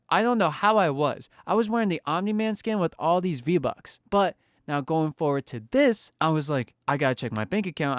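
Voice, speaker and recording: A young man telling a storytime vlog in an animated, exasperated ranting way. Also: a little high, clean tone, dry recording, studio quality. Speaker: storytime vlogger. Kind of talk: casual storytime rant.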